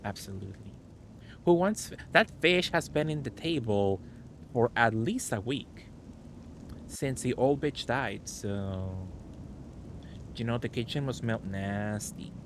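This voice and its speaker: A man's voice: medium pitch, lively intonation, slow, long pauses. A man streaming a game live, chatting casually with his viewers and rambling between greetings. His voice sits mid-range, with a faint hum of noise behind it. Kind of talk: casual live gameplay commentary.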